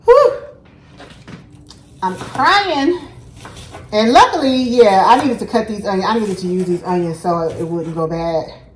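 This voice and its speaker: A woman's voice: medium pitch, moderate pace, slight background noise. Chatty woman cooking in an echoey kitchen. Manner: chatty, talks to viewers as "y'all". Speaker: vlogger cooking at home. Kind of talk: casual cooking vlog chat. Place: home kitchen. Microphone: camera on a tripod.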